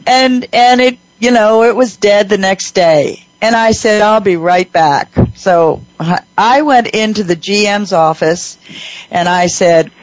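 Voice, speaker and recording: A woman hosting a radio talk show, telling a workplace story with lively acted-out dialogue. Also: medium pitch, unhurried, no room sound, dull audio. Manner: animated storyteller, acts out quoted voices.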